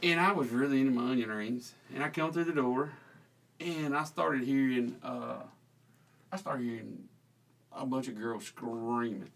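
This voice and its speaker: A man's voice: medium pitch, fairly bright tone. Folksy man, mic at a distance. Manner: folksy, self-deprecating storyteller. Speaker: teacher guest. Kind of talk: casual storytelling.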